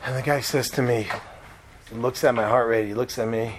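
A man telling a comic personal story in an animated way, acting out the other people in it. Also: medium pitch, a little fast, noisy background.

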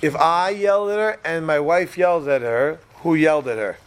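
Middle-aged guy giving an animated talk to a crowd, asks them questions, cracks jokes, kinda high voice. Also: moderate pace. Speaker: speaker addressing an audience. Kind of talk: lecture with personal anecdotes. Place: room with a live audience.

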